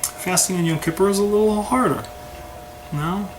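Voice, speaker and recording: A man's voice: sits high, moderate pace, low-quality recording. A man teaching a conversational Torah class who keeps checking in with his listeners by asking "right?". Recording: steady background noise.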